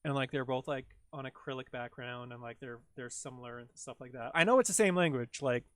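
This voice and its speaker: A man's voice: medium pitch, a little fast, fairly bright tone, dry recording. A man with a Canadian accent chatting casually on a livestream while he edits video, rambling, full of "like" fillers and talking to himself as he works.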